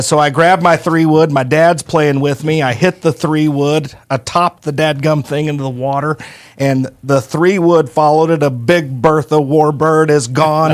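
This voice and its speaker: A man hosting a podcast, telling stories in a folksy, animated way. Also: a little high. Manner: folksy, animated, acts out quoted voices. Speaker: podcast host. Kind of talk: casual storytelling chat.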